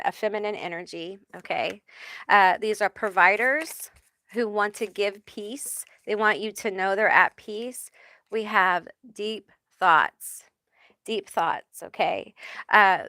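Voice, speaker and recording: Slow, bright-voiced woman medium. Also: medium pitch, no room sound. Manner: hesitant, reassuring, frequent "okay?" tags. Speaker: tarot reader and medium. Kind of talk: channeling spirit messages live.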